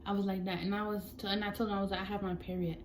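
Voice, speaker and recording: A woman's voice: mid-range voice, flat delivery, racing, a little hiss or hum, rough recording. A young woman telling a chatty storytime vlog, acting out her family members' voices as she goes. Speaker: vlogger.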